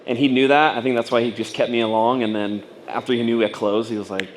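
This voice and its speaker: A man's voice: medium pitch, steady tone, quick pace, slight background noise. A man telling a personal story to a room of fellow business owners, rambling and casual, acting out what people said. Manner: rambling and casual, full of fillers and acted-out quotes. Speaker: speaker at a business training event. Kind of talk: personal story told to an audience.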